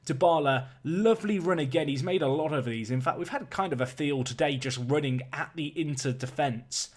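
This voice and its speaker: This is a young man with a fairly high voice and a brisk pace, narrating a football management video game play by play. He sounds lively throughout and ramps up his excitement when big chances arise.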